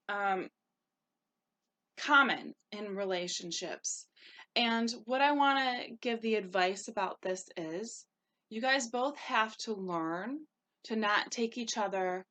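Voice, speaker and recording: A woman coaching her listeners on relationships, talking in an animated way and acting out short quoted exchanges. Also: mid-range voice, slow. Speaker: holistic life coach. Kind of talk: spoken advice talk.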